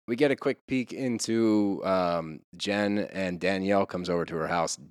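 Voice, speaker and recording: A man's voice: sits low, normal speed, clear, resonant tone, no echo, studio quality. A man co-hosting a podcast, retelling scenes in an easygoing, amused way. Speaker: podcast co-host. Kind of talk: casual chat.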